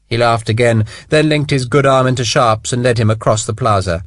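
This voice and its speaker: A man narrating an audiobook in an expressive storytelling manner. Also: mid-range voice, fairly quick, hardly any pauses, dry recording, clean studio sound. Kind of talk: scripted narration.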